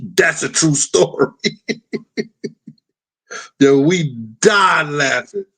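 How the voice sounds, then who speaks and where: A man's voice: on the high side, drawn-out words, fairly bright tone, slightly rough. A man in his fifties with a New York accent, hosting a casual live-stream chat and often laughing as he tells street stories. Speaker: show host.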